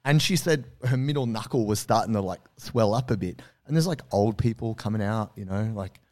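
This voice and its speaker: A man hosting a podcast, telling a story in a casual, animated way, swearing freely and acting out the quotes. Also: on the low side, fairly quick. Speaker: podcast host.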